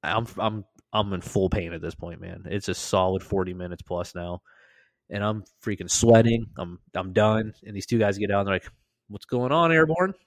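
Male podcast host, lowish voice, dry close sound, lively profane storyteller. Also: moderate pace, no echo. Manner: animated, profane, acts out quoted lines. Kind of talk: casual storytelling.

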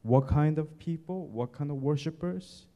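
A male pastor with a slightly high, mellow voice preaches at normal speed in a church sanctuary. He speaks straight to the congregation, hammering points home by repeating key words and lists, and the hall adds long reverb.

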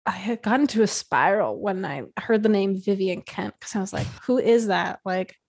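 A woman's voice: medium pitch, lively intonation, normal speed, gravelly. A woman in casual chat, reviewing a TV series and thinking aloud with lots of "like". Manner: chatty, thinks aloud with frequent "like".

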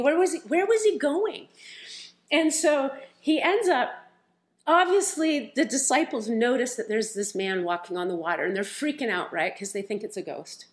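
A woman preaching a sermon, retelling scripture stories in a lively, conversational way. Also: on the high side, moderate pace.

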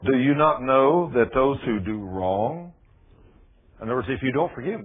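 A male preacher, giving a folksy sermon that builds into loud, emphatic preaching. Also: mid-range voice, sing-song, moderate pace, husky. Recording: muffled phone-like radio broadcast.

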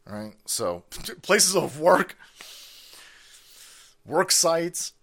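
A man hosting a livestream, ranting casually in a profane, animated way and often breaking into laughter. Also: fairly high pitch, drawn-out words. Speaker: livestream host.

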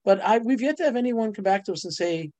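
A middle-aged woman tells stories as a guest in a casual interview. She talks in bursts and laughs often, and her voice leaps higher whenever she reaches a punchline. The sound is dry and close to the mic. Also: animated, quick pace, warm tone, no echo. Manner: bubbly storyteller, laughs often, voice jumps up on punchlines. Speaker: guest, ghostwriter and publisher. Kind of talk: animated casual interview talk.

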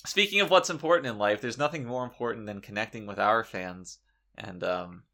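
Gravelly guy on a comedy podcast, bright edgy tone, mock-outraged and cussing. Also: lowish voice, fairly quick. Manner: mock-indignant, swears freely. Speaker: podcast co-host. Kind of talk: comedic in-character podcast chat.

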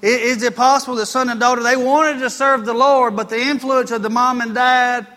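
High bright-voiced preacher. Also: male voice, fairly even intonation, brisk. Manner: folksy storytelling preacher, rising to emphatic preaching. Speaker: pastor. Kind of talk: sermon. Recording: long reverb of a church hall.

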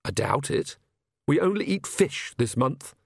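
A sharp-tongued young woman, read by a man, speaks in a flat, deadpan way. Her voice is only slightly lifted from the reader's own, recorded dry and close. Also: on the high side, unhurried, vocal fry, husky, no echo, voice pushed up, full character voice.

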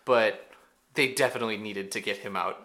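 A man co-hosting a podcast, recapping an episode in casual chat with animated storytelling. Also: lowish voice. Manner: animated storytelling with quick asides. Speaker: podcast co-host.

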